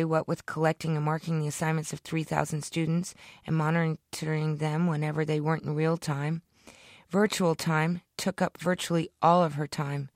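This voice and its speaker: A woman reading her own satirical short story aloud in a deadpan manner, lifting into the characters' lines. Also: sits low, no echo, clean studio sound.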